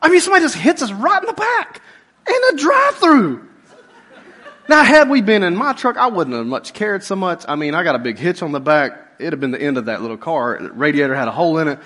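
A middle-aged man, a pastor, telling a funny personal story in a sermon and swinging from loud outbursts to hushed asides. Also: high-pitched, very animated, brisk. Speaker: pastor and police chaplain.

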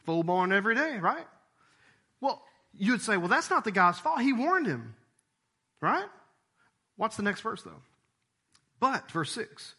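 A man preaching a sermon, animated, acting out little voices and jumping up in pitch as he makes a point. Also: a little slow, pauses often, slightly rough. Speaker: pastor.

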